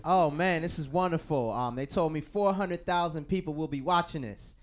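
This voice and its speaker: A man's voice: fairly high pitch, normal speed. A man doing a stand-up routine in a small studio, telling stories and acting out the voices of people in them. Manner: animated storytelling with acted-out voices. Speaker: stand-up comedian. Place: small comedy studio stage.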